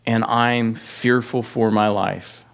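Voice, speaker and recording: A man's voice: on the low side, fairly even intonation, slow, creaky. Man preaching a verse-by-verse sermon. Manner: reads scripture aloud with rising intensity, speaks plainly to the congregation. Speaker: pastor. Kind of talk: expository sermon.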